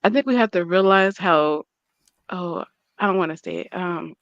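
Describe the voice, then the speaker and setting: A woman's voice: fairly low pitch, moderate pace, no room sound. Woman chatting, dull lo-fi sound. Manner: rambling, hesitant, many fillers. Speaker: co-host of a commentary stream. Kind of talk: casual commentary chat. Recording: dull lo-fi stream audio.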